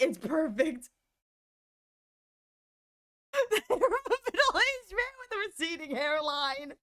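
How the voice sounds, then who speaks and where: A woman with a high voice chats casually with her viewers while she draws on a live stream. She talks to chat as she works and keeps dissolving into helpless giggles. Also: fairly bright tone.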